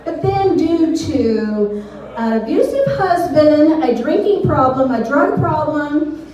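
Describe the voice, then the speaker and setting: High-voiced woman telling stand-up stories. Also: slow pace, muffled recording. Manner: animated, shrieks when quoting herself. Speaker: stand-up comedian. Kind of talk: stand-up storytelling. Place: small venue on stage. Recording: very echoey room, voice from far off.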